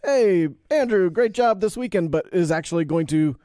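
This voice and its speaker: A man's voice: high-pitched, lively intonation, normal speed, dark tone, no echo, studio quality. A man hosting a podcast, asking long, full-sentence questions in an interview. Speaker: podcast host.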